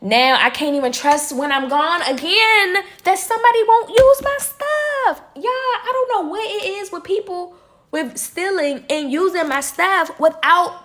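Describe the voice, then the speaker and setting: Lively, chatty young woman telling a story. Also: high voice. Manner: animated, chatty, swears freely, addresses viewers as y'all. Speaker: vlogger. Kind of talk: storytime chat while doing nails.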